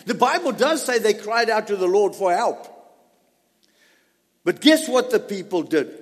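A man preaching a sermon, swinging between loud emphasis and soft asides. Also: high-pitched. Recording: long hall reverb.

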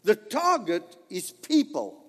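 A man's voice: high-pitched, sing-song, takes it slowly, big-room sound. A man preaching a sermon, dramatic, full of rhetorical questions and acted-out dialogue. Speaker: pastor.

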